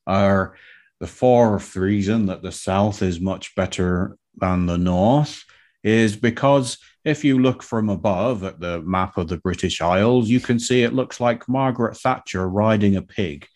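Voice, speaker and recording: A man's voice: lowish voice, unhurried, darkish tone, lightly acted. A man playing Tristan, a pompous, worldly-wise male pasty, in a comic game show. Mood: boastful. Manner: pompous, grandly self-assured.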